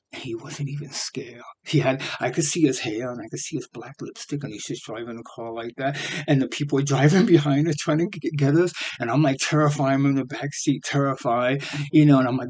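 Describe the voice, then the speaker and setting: A man's voice: medium pitch, rough recording. A man, casually telling a rambling personal story and chuckling often as he talks. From New York City. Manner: rambling and animated, laughs often mid-sentence.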